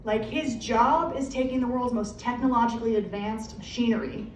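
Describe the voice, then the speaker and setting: A woman's voice: on the high side, steady tone, moderate pace. Brash American woman on a comedy stage. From United States. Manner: brash, profane storytelling with acted-out voices. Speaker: stand-up comedian. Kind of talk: stand-up comedy set. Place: comedy club stage with a live audience. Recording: echoey room, distant mic, faint noise.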